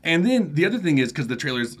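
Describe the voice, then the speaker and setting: Animated fast-talking male film review host. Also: fairly high pitch. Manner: animated, quick, lively delivery. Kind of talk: casual film review chat.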